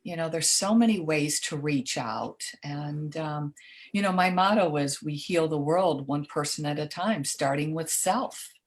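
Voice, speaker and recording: Earnest lower-voiced woman guest. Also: a little slow. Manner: earnest, encouraging, healing talk. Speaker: panel guest. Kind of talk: casual panel talk.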